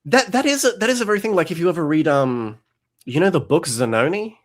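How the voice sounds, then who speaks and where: Animated man chatting about a novel series. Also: a little high, quick pace. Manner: animated, acts out quoted characters, frequent restarts. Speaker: podcast host. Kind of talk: casual chat.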